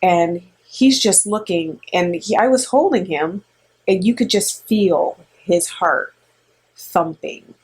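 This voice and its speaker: A middle-aged woman co-hosting with her son, telling a story in a rambling, animated way with lots of fillers. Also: on the low side, takes it slowly, slightly rough. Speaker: co-host and mother. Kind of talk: casual storytelling.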